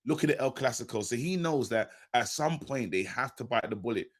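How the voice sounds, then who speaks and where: A man's voice: medium pitch, animated, fairly quick. Guy on a football podcast, chill and slangy, medium voice. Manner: laid-back, slangy. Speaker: panelist. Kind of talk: casual football podcast chat.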